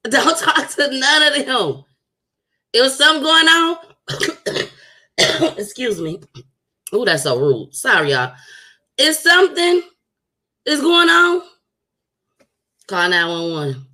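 A woman podcast host giving casual, slangy commentary to her live viewers, animated and preachy. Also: sits high, slow, long pauses, low-quality recording.

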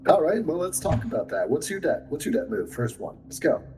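A man's voice: on the high side, big pitch swings, brisk, dark tone, soft background music, low-quality recording. A man acting as game master, upbeat and joking, laughing often as he explains the rules to his players. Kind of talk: running a tabletop game.

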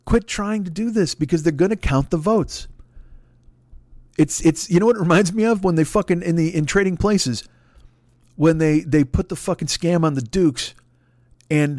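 A man hosting a podcast, ranting in a loud, profane, mocking way and acting out other people's voices. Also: fairly high pitch, dry recording, clean studio sound. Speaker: podcast host. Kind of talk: profane political rant.

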